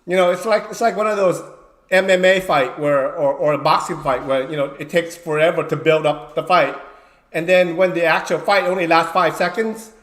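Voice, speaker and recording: A man who coaches wrestling, telling a story in casual livestream chat, swearing freely and acting out shouted lines. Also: fairly high pitch, fairly even intonation, normal speed, roomy sound.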